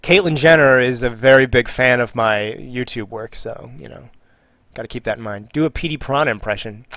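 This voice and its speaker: A man's voice: medium pitch, brisk, fairly bright tone, no echo. A man on a live stream, reading out viewer questions and answering with jokes, trailing off and muttering while he works. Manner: jokey, reads viewer questions aloud. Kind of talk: casual live-stream chat.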